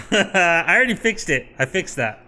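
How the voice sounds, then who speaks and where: A software developer streaming his coding work, talking to his chat and to himself as he works. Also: sits high, very animated, a little slow. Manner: talks to chat and himself while working. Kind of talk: live coding stream, thinking aloud.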